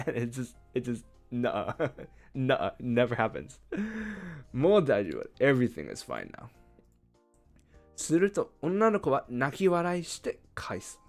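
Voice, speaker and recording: Chatty man with a lively, bouncing pitch. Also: measured pace, faint music behind. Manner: chatty, talks through his thinking. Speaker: translator. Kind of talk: casual live-translation commentary.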